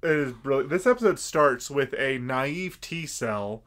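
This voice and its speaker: A man's voice: medium pitch, animated, measured pace, fairly bright tone. A man co-hosting a casual podcast, chiming in and adding details to an anime recap. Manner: chiming in, laughing along. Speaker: podcast co-host.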